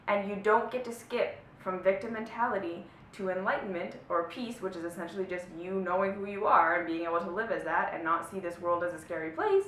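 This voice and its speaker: A woman's voice: fairly quick, few pauses, fairly bright tone. A woman spiritual life coach teaching to camera in an emphatic, motivational way, often checking in with her listeners. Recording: echoey room with faint low rumble.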